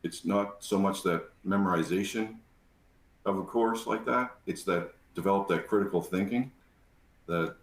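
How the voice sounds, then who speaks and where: A man's voice: deep voice, normal speed, roomy sound. A man speaking as a panel guest, talking in a heartfelt way with many fillers. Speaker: panelist, program graduate. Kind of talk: casual panel talk.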